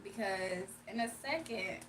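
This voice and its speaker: A woman's voice: mid-range voice, unhurried, a bit bright, recorded from a distance, slight background noise. A woman from Virginia hosting a casual livestream, chatting loosely and reading out viewer comments. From Virginia, USA. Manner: chatty, laughs often, reads chat aloud. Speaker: livestream host.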